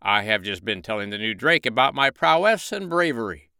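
A man voicing a boastful, strutting male rooster in a storybook reading, bragging loudly and pompously. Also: fairly low pitch, big pitch swings, brisk, clean tone, no room sound, studio quality, heavily acted.

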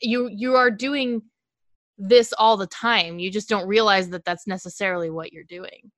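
A woman hosting her own podcast, interviewing a guest over a video call in a relaxed, casual way, often saying "like". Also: medium pitch, normal speed, no echo. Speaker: podcast host.

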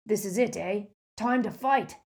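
A giant bearded gamekeeper, big-hearted and rough-spoken, booming out his words in clipped dialect, as a woman reading a storybook puts him on. The voice sits higher than the reader's own and pushes hard and loud. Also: measured pace, lightly acted. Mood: urgent.

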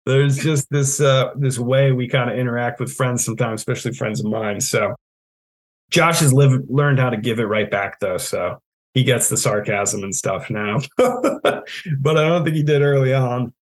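A man's voice: mid-range voice, normal speed, low-quality recording. Laid-back man from New England. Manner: laid-back, self-mocking, laughs often. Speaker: guest, trail project manager. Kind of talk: casual storytelling.

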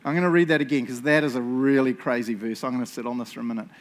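A man's voice: mid-range voice, fairly even intonation, racing. A man preaching a casual, jokey sermon as lead pastor, laughing often and tagging his lines with "eh?" and "right?". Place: church hall. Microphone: handheld microphone.

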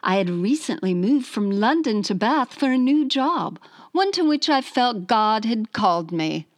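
A man's letter read aloud in a hammy mock-British accent, as a woman puts him on. The lilting voice swings freely in pitch and takes its time, and the room sounds dry and close. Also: very animated, measured pace, no echo. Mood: storytelling. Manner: storytelling, hammy put-on accent.

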